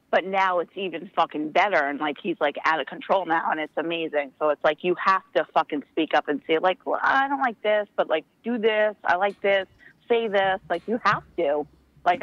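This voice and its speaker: A woman's voice: on the low side, moderate pace, fairly bright tone, dry recording. Lady calling into a talk show, gossipy and crude, kinda muffled dry phone sound. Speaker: caller. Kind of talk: casual chat. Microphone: phone call.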